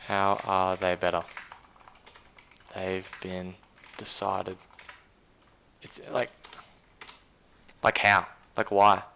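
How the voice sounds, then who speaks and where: A man's voice: deep voice, flat delivery, very slow, creaky, pauses often, pushed and bright, a little hiss or hum. A man with an Australian accent hosting a casual live stream, rambling and incredulous as he reads chat aloud. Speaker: stream host.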